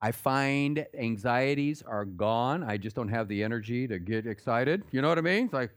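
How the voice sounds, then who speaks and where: A man's voice: mid-range voice, animated, moderate pace, clean tone. Conversational male preacher. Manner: conversational preaching, directs listeners through scripture. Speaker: pastor. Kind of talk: sermon.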